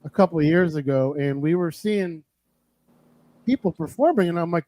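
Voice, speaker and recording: A man's voice: a little high, moderate pace, warm tone, low-quality recording. A man hosting a live radio stream, chatting casually and joking over a video call. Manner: loose, joking, swears casually. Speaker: radio show host.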